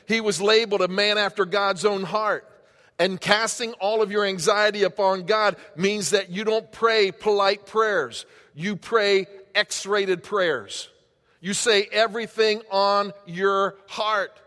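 Impassioned high-voiced male pastor. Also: a bit bright. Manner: impassioned, conversational preaching. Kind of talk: sermon. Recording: long hall reverb.

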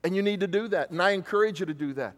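High-voiced man preaching in a reverberant hall. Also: racing. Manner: emphatic preaching with rhetorical questions and repetition. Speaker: pastor. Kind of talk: sermon. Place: church hall.

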